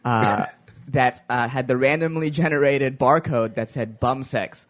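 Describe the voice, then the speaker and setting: A man's voice: medium pitch, unhurried. A man on a comedy podcast reading news items with hesitant fillers and ending on dry punchlines. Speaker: podcast guest. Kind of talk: casual comedy banter.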